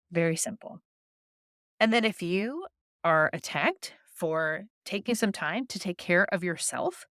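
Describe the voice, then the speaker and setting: A woman hosting an advice podcast, calmly coaching listeners and modeling short, firm replies to say. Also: lowish voice, unhurried, no room sound, studio quality. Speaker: podcast host.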